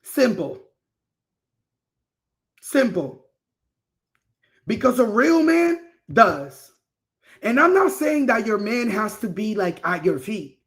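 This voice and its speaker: Brief: reaction host, mid-pitched, punchy repeated lines, slang-heavy commentary. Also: very animated, slow pace, pauses often. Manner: emphatic, repeats phrases, slangy and profane.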